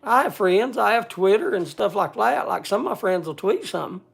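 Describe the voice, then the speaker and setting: Gravelly man talking bluntly, halting. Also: sits high, lively intonation. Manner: blunt, halting, many restarts and fillers. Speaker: speaker addressing a group gathering. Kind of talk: casual heartfelt talk.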